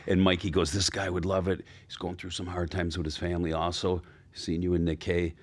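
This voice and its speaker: A man with a very deep voice tells a story at a quick clip, in a casual podcast chat. He acts out the lines of the people he quotes, then lets his voice drop off quietly. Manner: animated storyteller acting out quoted dialogue; speaks in rushed bursts that trail off quietly. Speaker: podcast guest.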